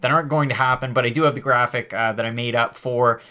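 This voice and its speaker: An upbeat man hosts a live fight-preview stream, rattling through viewer comments with quick, chatty energy. His voice is bright and forceful, sitting at an ordinary pitch for a man. He keeps things loose and casual, full of "um"s and restarts. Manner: energetic, rapid, chatty with many fillers. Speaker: host of a live MMA show.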